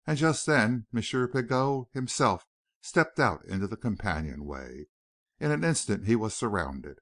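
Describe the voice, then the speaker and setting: A man reads a mystery novel aloud in a measured, storytelling way. His voice is low and moves lively up and down. The recording is close and dry. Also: dry recording. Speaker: audiobook narrator. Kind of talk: scripted audiobook narration.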